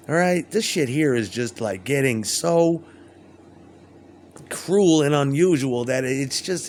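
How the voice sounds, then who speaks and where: A man's voice: a little high, lively intonation, moderate pace, a little hiss or hum. A man delivering a rambling, crude spoken monologue, with stammering restarts.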